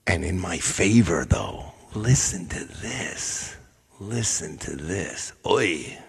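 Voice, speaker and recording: A man's voice: low-pitched, sing-song, takes it slowly, creaky, breathy edge, long reverb tail. A man hosting a live stream, chatting casually with viewers and telling a long, ranting story. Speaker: live stream host and singer.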